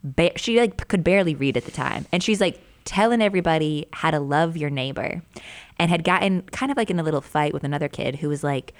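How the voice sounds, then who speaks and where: Low-voiced animated woman storyteller. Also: fast talker. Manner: animated storyteller, acts out quotes, frequent "like". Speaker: podcast co-host and mother. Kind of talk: casual chat.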